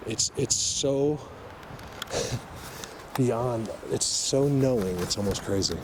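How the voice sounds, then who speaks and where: A man filming an outdoor vlog, talking excitedly in a rambling way, stumbling over and repeating his words into a handheld camera mic. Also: mid-range voice, slow pace, pauses often. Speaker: outdoor vlogger. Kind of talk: walking vlog commentary. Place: outdoors in wild country. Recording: outdoor noise behind.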